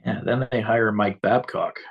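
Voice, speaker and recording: A man's voice: lowish voice, fairly even intonation, measured pace, creaky, breathy edge, muffled recording. A man co-hosting a live stream, chatting casually about a hockey game in an offhand way with dry asides. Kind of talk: casual hockey watch-along chat.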